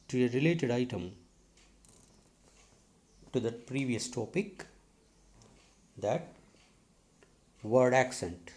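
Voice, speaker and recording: A middle-aged man from South India with an Indian English accent, teaching a recorded lecture slowly and deliberately, repeating key terms and checking "okay?". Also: mid-range voice, warm tone. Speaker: English professor.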